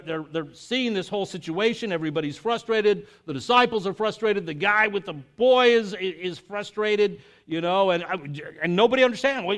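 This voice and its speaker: A man preaching a conversational sermon, telling stories with energy and asking the congregation questions. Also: high-pitched. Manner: animated storytelling, acts out quotes. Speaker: pastor.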